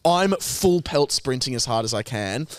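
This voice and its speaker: A young man, co-hosting a podcast, telling a story in casual chat, animated and sweary, acting out other people's lines. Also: mid-range voice, normal speed, dry recording. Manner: animated, sweary, acts out quotes. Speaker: podcast co-host.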